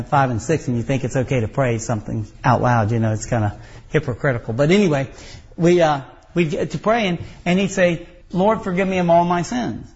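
A man's voice: medium pitch, darkish tone, highs cut off. A man preaching a folksy, emphatic sermon as pastor.

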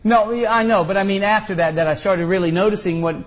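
Emphatic folksy preacher, high voice. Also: male voice, fast, dull audio. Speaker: pastor. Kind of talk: sermon.

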